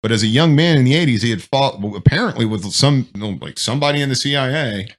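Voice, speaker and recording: Brief: veteran guy swapping war stories on a podcast, medium pitch, salty, loose and animated. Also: fast. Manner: profane, animated war storytelling. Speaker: military veteran. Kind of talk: casual podcast chat.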